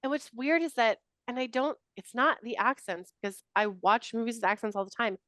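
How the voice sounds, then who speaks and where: A woman's voice: fairly high pitch, a little fast, no echo. Laughing woman co-host, dry close sound. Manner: animated, laughs often, playfully indignant. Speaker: podcast co-host. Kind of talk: casual chat.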